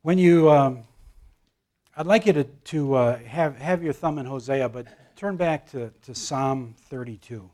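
A man teaching a Bible class, telling jokes to older listeners in a halting manner full of fillers and restarts. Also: medium pitch, a little mellow. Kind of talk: joke-telling Bible lesson.

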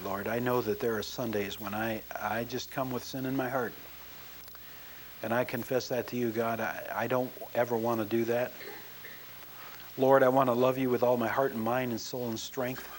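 A man's voice: medium pitch, slight background noise, poor audio. A man preaching as a pastor, telling stories and then leading an earnest prayer. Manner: earnest storyteller, slows in prayer. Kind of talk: sermon and prayer.

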